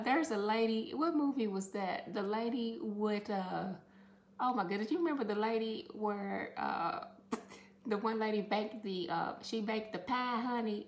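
A woman's voice: on the high side, echoey room, a little hiss or hum. A woman chatting through a home cooking demonstration, affectionate and talkative, calling her viewers honey.

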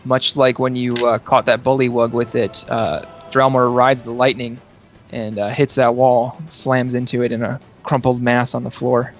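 A man running a tabletop game as dungeon master, narrating the action and calling turns with a relaxed, laughing manner. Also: mid-range voice, moderate pace. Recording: dull lo-fi sound with faint music.

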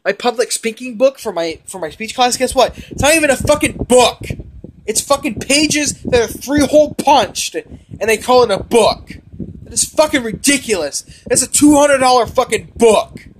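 A man's voice: extremely high pitch, expressive, normal speed, slight background noise. A young man who is a gaming vlogger, ranting in frustration and cursing heavily as he rambles while playing a game. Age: young adult.

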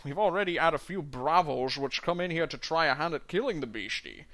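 A man putting on a gruff Scottish old dwarf. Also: on the high side, animated, brisk, a bit bright. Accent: mock Scottish. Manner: stumbling over the written lines. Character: gruff old male dwarf miner, blunt.

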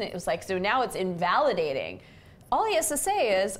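A woman's voice: mid-range voice, wildly swooping pitch, brisk. A middle-aged woman hosting a casual chat, telling an everyday story and acting out the quotes with animation. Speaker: host. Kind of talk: casual chat about relationships.

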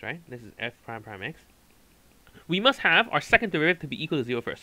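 A man's voice: mid-range voice, pushed and bright, no room sound, rough recording. A man tutoring calculus at a whiteboard, explaining step by step and checking in often with "okay" and "right". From Hong Kong. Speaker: math tutor.

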